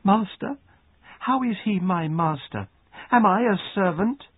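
A defiant ten-year-old orphan girl, put on by a man reading aloud. Her protests come in a raised, husky voice. The recording is dry and narrow, like a phone. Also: high voice, huge pitch swings, normal speed, no echo, voice pushed up, heavily acted. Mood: protesting. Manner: indignant, protesting.

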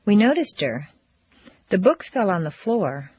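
A woman teaching pronunciation drills, speaking slowly and deliberately with exaggerated intonation. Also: mid-range voice, very animated, husky, no echo. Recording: dull dry lo-fi recording.

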